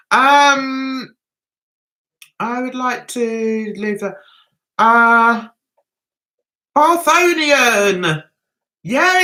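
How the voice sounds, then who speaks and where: A middle-aged woman hosts a casual livestream, reading viewer chat and greeting viewers in a chatty, self-mocking way with frequent laughter. Her voice is on the high side with a sharp tone.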